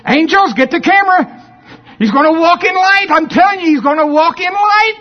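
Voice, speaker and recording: Brief: preacher doing a proud heavenly father, shrill and exuberant, dull lo-fi sound. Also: normal speed. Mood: overjoyed. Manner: exuberant, boastful cheering. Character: overjoyed God, father cheering a toddling child.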